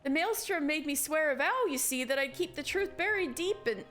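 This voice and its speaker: A woman doing a squeaky, salty old sea-dog shipbuilder. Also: animated, normal speed, a bit bright. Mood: remorseful. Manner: salty sailor slang, pleading.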